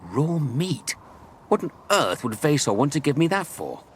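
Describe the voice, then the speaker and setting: A man's voice: a little high, big pitch swings, measured pace, slight background noise, voice pushed up. A man voicing a determined young man who asks urgent, astonished questions.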